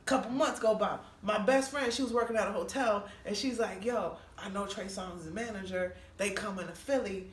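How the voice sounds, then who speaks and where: A woman comedian telling a funny story in a lively, laughing way, acting out the people she quotes. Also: normal speed, few pauses. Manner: laughs often, acts out quotes with big pitch jumps. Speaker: comedian guest. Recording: echoey room, mic at a distance, faint noise.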